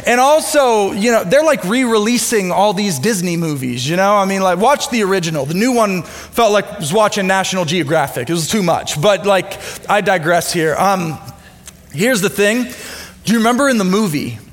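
A man with a high voice delivers a sermon as relaxed, animated storytelling, filled with fillers and asides. He is speaking in a church auditorium with long reverb. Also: normal speed, soft background music. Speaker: pastor. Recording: long reverb of a large hall.

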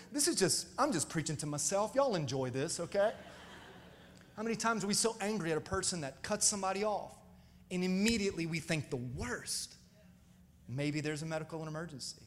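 High-voiced pastor preaching in an echoey hall. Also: male voice, slight background noise. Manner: animated, calls out to the congregation. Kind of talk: storytelling sermon.

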